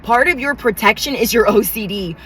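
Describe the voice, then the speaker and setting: A woman's voice: a little high, animated, brisk, a bit bright, slight background noise, low-quality recording. A woman giving a channeled tarot reading, talking in emphatic, repetitive affirmations with casual slang. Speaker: tarot reader.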